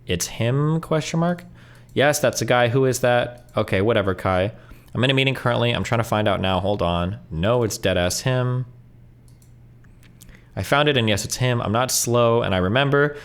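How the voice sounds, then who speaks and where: A male streamer reading messages aloud quickly, breaking in with blunt asides and swearing. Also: mid-range voice, clean tone. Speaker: streamer reacting to online posts.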